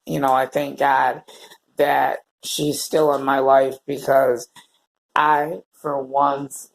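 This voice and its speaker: A man talking to the camera in a personal vlog, halting and heartfelt, often repeating words as he searches for what to say. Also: medium pitch, creaky. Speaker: vlogger. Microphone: camera held or set facing away.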